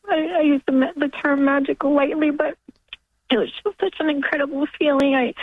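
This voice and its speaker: A woman in her forties from New York, calling in on the phone and telling an emotional story, halting and laughing through tears. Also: sits high, no echo. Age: 40s. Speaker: caller. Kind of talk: emotional call-in testimony. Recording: tinny phone line, dry.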